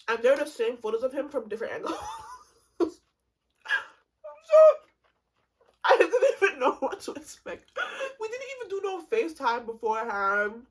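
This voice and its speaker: A woman in her twenties telling a comedic storytime, animated and swearing freely, laughing often. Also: sits high, moderate pace, long pauses, rough recording. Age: 20s. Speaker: vlogger.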